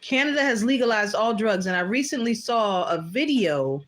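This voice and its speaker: A woman hosting a casual livestream while eating, excitable and exclamatory, swearing freely. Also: fairly high pitch, normal speed. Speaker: livestream host.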